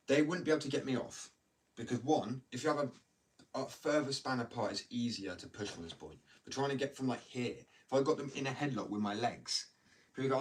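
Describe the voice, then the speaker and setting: A young man rambling heatedly in a casual monologue, with lots of restarts and swearing. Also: on the low side. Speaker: skater vlogger. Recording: distant mic with faint background noise.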